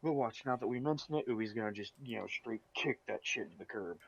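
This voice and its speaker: A man's voice: on the low side, fast talker, creaky, husky. A man co-hosting a casual gaming podcast, ranting and swearing freely. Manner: profane, ranting. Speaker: podcast co-host. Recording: dull lo-fi sound.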